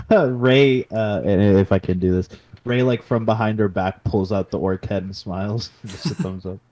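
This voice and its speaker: A man's voice: lowish voice, steady tone, moderate pace, darkish tone, muffled recording. A man playing a tabletop game, talking casually and laughing often. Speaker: player.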